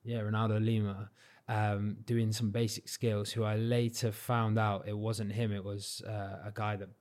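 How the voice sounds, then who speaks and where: A young man from Cornwall with a southern English accent, telling stories as a podcast guest in a relaxed, modest way with plenty of fillers. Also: on the low side, measured pace. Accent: southern English, not Cornish. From Cornwall, England. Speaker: podcast guest, football freestyler. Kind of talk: casual chat.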